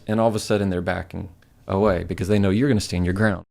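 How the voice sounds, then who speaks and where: A man as a podcast guest, calmly explaining advice and acting out example dialogue. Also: low-pitched, quick pace, vocal fry. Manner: steady, acts out example dialogue. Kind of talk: conversational advice.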